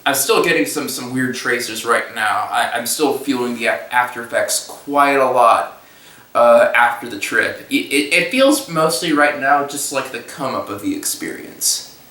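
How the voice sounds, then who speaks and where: Young guy, casual halting storyteller, bright voice, caught at a distance in an echoey room. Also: mid-range voice. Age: young adult. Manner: halting, restarts, breaks into silly voices and laughs. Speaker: storyteller recounting a trip. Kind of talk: casual rambling monologue.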